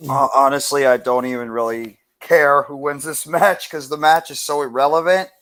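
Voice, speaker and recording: Podcast cohost dude, kinda high voice, calm and reasoned. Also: male voice, moderate pace. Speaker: podcast co-host. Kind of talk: casual wrestling chat.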